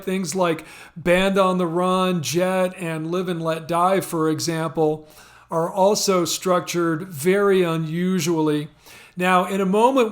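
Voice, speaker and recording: High-voiced man chatting about songs. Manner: chatty and amused, laughing often. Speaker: music channel host. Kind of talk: casual music commentary. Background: faint music from the song being discussed.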